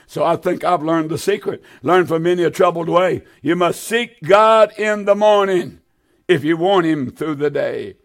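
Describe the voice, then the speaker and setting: A man's voice: high voice, gravelly. A man preaching a televised sermon, pleading fervently with his listeners and repeating his appeals over and over. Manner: fervent, pleading, repetitive exhortation.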